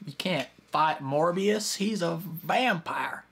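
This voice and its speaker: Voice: medium pitch, slow, vocal fry, faint music behind. A host reacting to a movie in casual commentary, chatting and speculating about the plot as it plays. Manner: lively, chatty running reactions to a film. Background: film soundtrack playing faintly.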